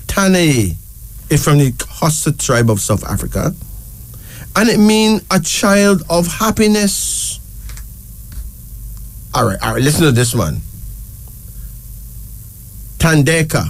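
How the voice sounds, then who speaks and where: Slow, sing-song man spelling names. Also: fairly high pitch. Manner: spells each name out letter by letter, slow and deliberate; drawn-out emphasis, repeats words for effect. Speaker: show host. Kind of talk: casual talk presenting names.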